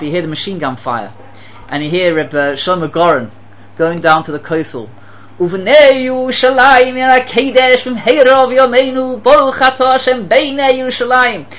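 Impassioned preacher with a bright tone. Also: mid-range voice, highs cut off. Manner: impassioned, with emphatic repetitions and rhetorical questions. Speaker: Torah teacher. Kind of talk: sermon with storytelling.

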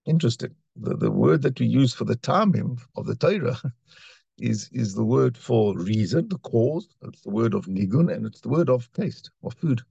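Gravelly man teaching a Torah class. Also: mid-range voice, lively intonation, moderate pace, mellow, no echo, highs cut off. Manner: reads Hebrew lines then translates, with repetitions and restarts. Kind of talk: Torah class explaining texts.

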